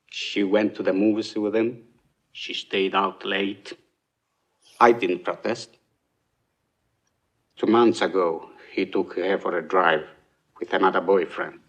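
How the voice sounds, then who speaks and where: An actor with an Italian accent playing a grieving immigrant father seeking justice, speaking in a measured, solemn way, from a film soundtrack. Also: sits low, a bit bright, heavily acted. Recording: film soundtrack played in a podcast.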